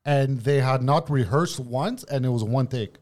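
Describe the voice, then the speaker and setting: A man in casual podcast chat, blunt and jokey, firing off quick opinions. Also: mid-range voice, darkish tone.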